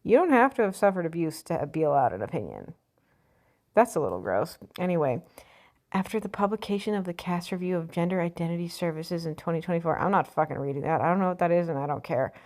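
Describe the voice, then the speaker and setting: Woman vlogger, slightly low voice, blunt and scornful, reads an article aloud and picks it apart. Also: animated, quick pace, darkish tone. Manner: blunt, sarcastic, profane ranting. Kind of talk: opinion vlog reading an article.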